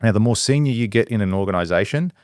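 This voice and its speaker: A man's voice: on the low side, animated, fast talker, darkish tone, dry recording, studio quality. A man on a casual podcast, a business owner who talks bluntly, swears freely and acts out quotes.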